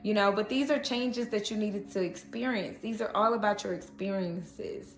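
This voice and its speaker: A woman's voice: mid-range voice, moderate pace. A woman giving a casual tarot reading to camera, chatty and reassuring, often checking in with "okay?". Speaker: tarot reader. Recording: echoey room.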